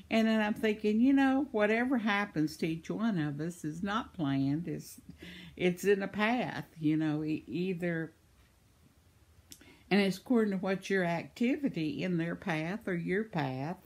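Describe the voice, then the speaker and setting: An older woman rambles through a personal story for her vlog, breaking into laughter often. Her voice is a little husky and swoops lively up and down as she chats. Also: mid-range voice. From United States. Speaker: vlogger. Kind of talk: casual storytelling.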